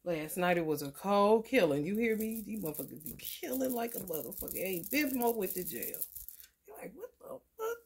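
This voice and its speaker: A woman's voice: mid-range voice, animated, a little fast, slight background noise. A woman, talking loosely and profanely in a casual tarot vlog. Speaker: tarot reader.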